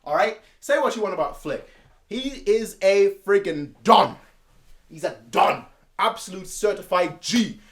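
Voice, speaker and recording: A man's voice: sits high, expressive, measured pace. A man hosting a football fan channel, giving a casual match preview in an emphatic, slangy, repetitive way.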